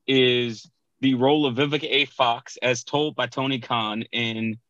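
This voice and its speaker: A man's voice: medium pitch, fairly even intonation, measured pace, a bit bright, no echo, lo-fi sound. A man co-hosting a podcast in casual chat, making dry, sardonic remarks. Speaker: podcast co-host.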